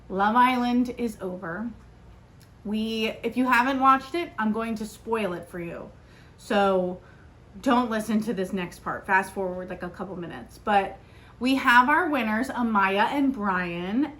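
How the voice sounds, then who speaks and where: A young woman hosting a podcast, telling a story in a chatty, animated way with lots of fillers. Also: medium pitch. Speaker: podcast host. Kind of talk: casual solo podcast chat.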